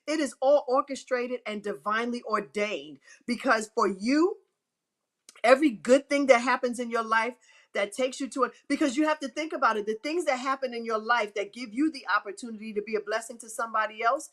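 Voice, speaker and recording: Woman inspirational speaker, faith talk, kinda high voice, repeats herself, acts out quotes. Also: normal speed, a bit bright. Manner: emphatic, repeats phrases for effect; acts out quotes with pitch swings. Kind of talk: faith-filled motivational talk.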